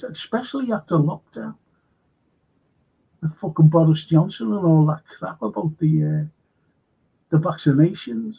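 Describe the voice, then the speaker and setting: Gravelly, husky man ranting on a stream. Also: high voice. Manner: profane, rambling, reads viewer comments aloud. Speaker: livestream host. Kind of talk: casual fan livestream chat. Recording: dull lo-fi stream audio.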